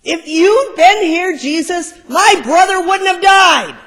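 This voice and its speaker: A man voicing a grieving young woman who angrily accuses Jesus, raising his voice high and loud. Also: lively intonation, slow pace, exaggerated voice. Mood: angry, grieving. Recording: long church reverb.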